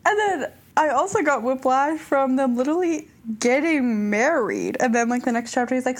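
A young woman chatting casually about books as a podcast co-host, animated and giggly, acting out characters' lines. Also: high voice, normal speed, few pauses. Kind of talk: casual book chat.

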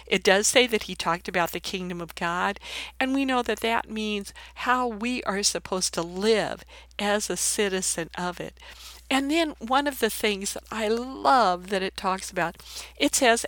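A woman reads scripture and then unpacks it in a lively, conversational teaching voice. She speaks at a middle pitch and laughs now and then. The recording is dry, with no room echo. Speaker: Bible teacher. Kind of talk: Bible reading and sermon commentary.

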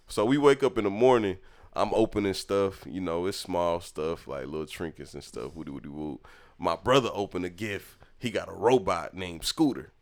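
A young man telling a lively childhood story in casual chat, acting out the people in it. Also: low voice, normal speed. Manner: animated, acts out voices in his story. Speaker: storyteller talking with his mother.

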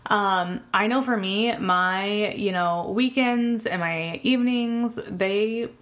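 A woman's voice: medium pitch, takes it slowly, fairly bright tone. Woman, 30s, podcast host. Casual and candid, laughs often. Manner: chatty, candid, laughs often while talking. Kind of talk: casual solo podcast talk.

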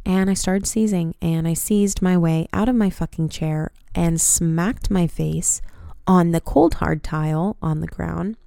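A young woman in her twenties hosting a podcast, telling a story in an animated way with frequent swearing. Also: on the low side, measured pace, gravelly, no room sound, clean studio sound. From United States. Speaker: podcast host. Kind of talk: casual storytelling.

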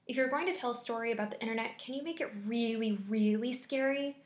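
A skeptical ten-year-old boy, flat and unimpressed, brushes off a spooky tale, as a woman reads his lines. The voice sits a touch high and rings in a reverberant room. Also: fast talker, close to an everyday voice. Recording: echoey room.

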